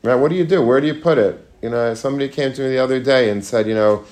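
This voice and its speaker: A man's voice: mid-range voice, racing, few pauses, a little mellow. A man giving an informal Torah lecture to students, chatty and full of questions to the room, mixing in Hebrew and Yiddish terms. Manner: conversational, asks the audience questions, mixes Hebrew and Yiddish terms. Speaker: rabbi giving a talk to students. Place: room with a live audience.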